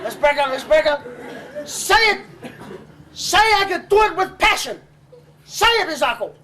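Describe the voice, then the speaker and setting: Guy acting as a shrill scolding chief dad, keeps going "huh?", faint crowd behind. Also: big pitch swings, a little slow, pushed and bright, heavily acted. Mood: hectoring. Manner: scolding, bullying, repeats "huh?" constantly. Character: stern shouting Samoan father, village chief. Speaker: comic stage actor. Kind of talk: live comedy skit.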